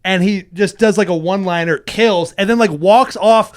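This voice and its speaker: A man co-hosting a podcast, chatting casually and telling jokes with lively, animated delivery. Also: high voice, normal speed. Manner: animated storyteller, drops his voice for joke characters. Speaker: podcast co-host.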